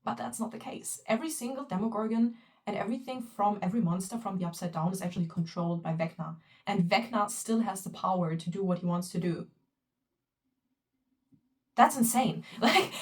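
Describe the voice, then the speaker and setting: A young woman giving excited, emotional fan reaction commentary, swearing often and piling on fillers. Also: medium pitch, moderate pace, recorded from a distance. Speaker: fan vlogger.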